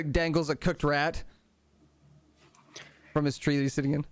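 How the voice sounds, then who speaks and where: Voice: mid-range voice, level tone, normal speed, no room sound. A game master narrating a tabletop game in a casual, filler-heavy way, close and dry.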